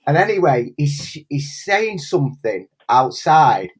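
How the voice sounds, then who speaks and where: A man's voice: fairly high pitch, slow pace, slightly rough. A man from England with a cold, telling a story animatedly in casual chat. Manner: animated storyteller, acts out voices. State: has a cold. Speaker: resident tipster.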